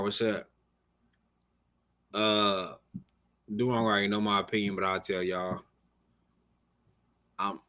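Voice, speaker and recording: A man's voice: on the low side, bright, forceful tone. A man hosting a live music review, talking casually in loose slang with plenty of swearing. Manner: loose, profane, laid-back slang. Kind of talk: casual livestream chat.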